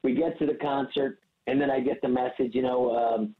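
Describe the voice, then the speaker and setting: A man's voice: mid-range voice, flat delivery, a little fast, narrow, tinny audio. A man on a podcast as a guest, telling a rambling story with stammering restarts. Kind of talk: casual storytelling.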